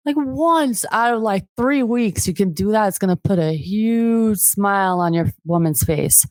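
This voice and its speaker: A woman's voice: mid-range voice, unhurried, few pauses, darkish tone, no echo. A woman of Albanian background, a podcast guest chatting casually and bluntly, swearing often and acting out what others say. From Albanian family background. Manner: blunt, profane, acts out quotes.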